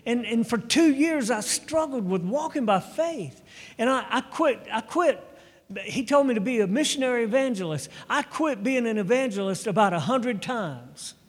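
A man's voice: very high-pitched, expressive, a little slow. A middle-aged male preacher telling a personal testimony in a sermon, with frequent restarts and stumbles. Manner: storytelling testimony with repeated restarts. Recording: long hall reverb.

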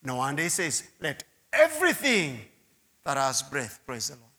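A man's voice: on the high side, wildly swooping pitch, normal speed, bright, forceful tone. A man preaching a sermon testimony, telling his story with repeated words and asides to the listeners. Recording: long hall reverb.

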